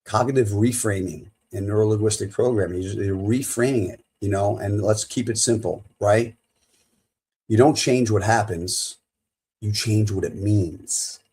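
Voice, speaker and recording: A man's voice: on the low side, unhurried, darkish tone, slightly rough. A middle-aged man hosting a solo motivational podcast as a coach, emphatic and repeating his key phrases.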